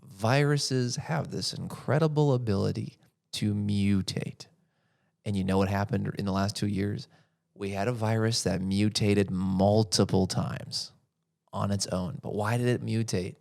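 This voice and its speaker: A man's voice: on the low side, steady tone, moderate pace, creaky, darkish tone. A man hosting a podcast, giving an opinionated monologue and asking rhetorical questions that he answers himself. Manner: rhetorical, asks questions then answers them. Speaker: podcast host.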